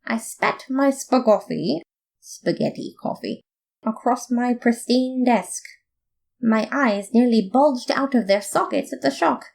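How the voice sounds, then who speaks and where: A woman reading a comic fan story aloud in playful, expressive first-person narration. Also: a little high, measured pace, gravelly. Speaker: podfic reader.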